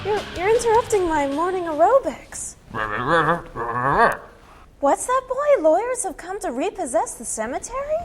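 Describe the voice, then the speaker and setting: High, sassy horror hostess for a campy sketch, played by a woman. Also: big pitch swings, normal speed, long pauses, a little mellow, soft background music. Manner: folksy, sassy, exclaiming. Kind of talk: campy comedy sketch acting.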